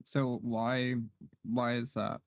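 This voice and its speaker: A man's voice: medium pitch, flat delivery, takes it slowly, creaky, dry recording, poor audio. A man streaming and chatting casually, teasing and bossing around an AI assistant and complaining when it falls short. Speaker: game streamer. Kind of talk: casual livestream chat.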